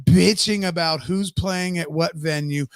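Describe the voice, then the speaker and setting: A man's voice: on the high side, measured pace, heavy background noise. A man co-hosting a live podcast, teasing and swearing in casual banter. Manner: teasing, profane, laughing often. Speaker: podcast co-host.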